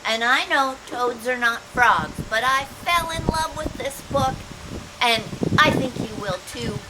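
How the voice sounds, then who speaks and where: A woman's voice: sits high, slow, background noise. A woman volunteer reading a children's picture book aloud, playful, acting out sound effects and chatting to the young listeners between pages. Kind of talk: children's story read-aloud.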